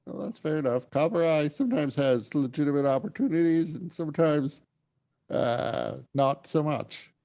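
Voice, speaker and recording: A man playing a calm innkeeper with a mellow, dark-toned voice who stays polite and reasonable when he gives out warnings. He keeps his tone easy and unhurried throughout. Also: on the high side, creaky, voice pushed up. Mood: mild warning. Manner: mild, reasonable, gently warning. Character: innkeeper Brass, a calm, polite tavern keeper.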